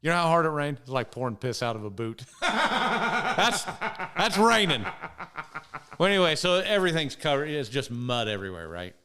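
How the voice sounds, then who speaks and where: A man's voice: fairly high pitch, sing-song, normal speed, a crowd in the background. A man co-hosting a podcast, telling stories in casual chat and laughing through them. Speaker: podcast co-host.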